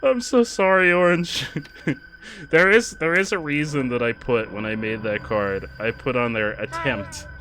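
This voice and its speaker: A man streaming a game, chatting casually and loudly thanking donors with sudden excited outbursts. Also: unhurried, slight background noise. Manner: excitable, shouts out thanks to donors with big jumps in pitch. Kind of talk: casual live-stream chat while gaming.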